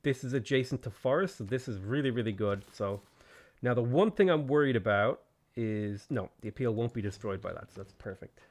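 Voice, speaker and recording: A man streams a strategy game in casual live commentary, speaking fairly quickly at medium pitch. He thinks aloud about his moves, thanks viewers and laughs often.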